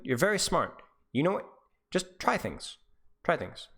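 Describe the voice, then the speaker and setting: A man's voice: a little high, very animated, a little slow, creaky, fairly bright tone. A man coaching a player over voice chat, encouraging and repetitive, telling stories to make his point. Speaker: esports coach.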